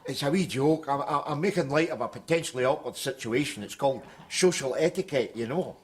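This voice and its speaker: A man plays a Glaswegian sitcom character, middle-aged, scruffy and crude, fond of sarcastic, mocking asides. The voice is natural, medium in pitch, slightly rough and a little quick, heard in a TV clip with music over it.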